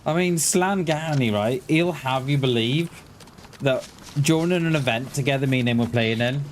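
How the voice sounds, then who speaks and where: A man's voice: medium pitch, moderate pace, a little hiss or hum. A man streaming a survival game, chatting casually and joking with a teammate. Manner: relaxed, joking banter with a teammate. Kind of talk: casual gameplay chat.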